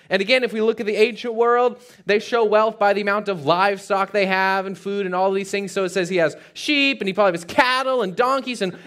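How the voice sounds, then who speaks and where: Male pastor, high voice, animated sermon delivery with loud and hushed swings and light jokes for the congregation. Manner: light joking asides to the congregation. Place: church.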